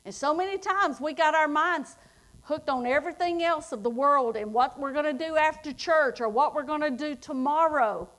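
A middle-aged woman preaching a sermon, reading scripture slowly and building to emphatic declarations. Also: high-pitched, fairly bright tone.

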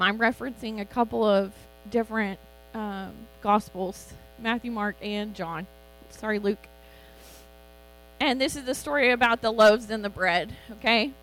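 A middle-aged woman giving an informal, chatty sermon as a Bible teacher, animated and quick to laugh. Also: on the high side, slight background noise, rough recording.

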